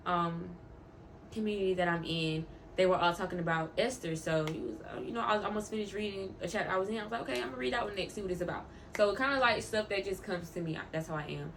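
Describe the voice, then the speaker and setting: A woman's voice: on the low side, a little hiss or hum. A woman vlogger talking casually about faith, heartfelt and openly emotional, rambling and repeating words for emphasis. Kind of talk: casual faith vlog talk.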